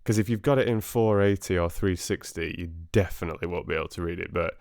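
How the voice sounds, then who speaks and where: Male live-stream host, deep, unhurried, hesitant chat, smooth clear voice. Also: darkish tone, no echo, clean studio sound. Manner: hesitant, many fillers.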